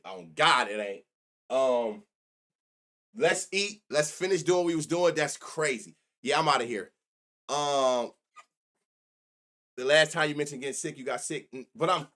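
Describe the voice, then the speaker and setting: A man's voice: mid-range voice, fairly bright tone. Male stream host, loose and profane, rambling banter with chat. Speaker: sports betting show host. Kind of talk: casual live-stream chat.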